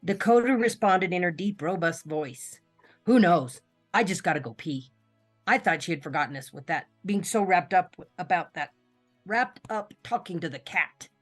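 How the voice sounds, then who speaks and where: A woman, a writing student, reading her own story aloud in a steady storytelling manner over a video call. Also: lowish voice, normal speed, soft background music.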